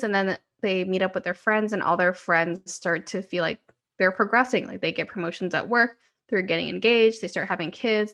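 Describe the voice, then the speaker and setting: Woman in her twenties, podcast co-host, casual rambling chat, filler-heavy, mid pitch. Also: fairly bright tone. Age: 20s. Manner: rambling storytelling with frequent "like".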